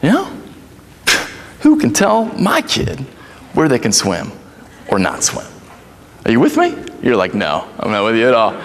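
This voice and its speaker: Brief: male pastor, 30s, playful storytelling sermon, lively swooping delivery, long hall reverb. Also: medium pitch, normal speed. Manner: animated, joking, storytelling with asides to the congregation. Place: church sanctuary.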